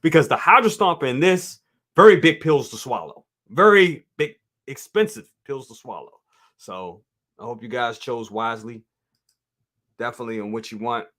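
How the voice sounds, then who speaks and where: A man's voice: medium pitch, normal speed, fairly bright tone. A man hosting a live toy review stream, chatting casually and reading viewer comments aloud. He talks straight to his viewers, repeats himself often and laughs easily. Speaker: toy review show host.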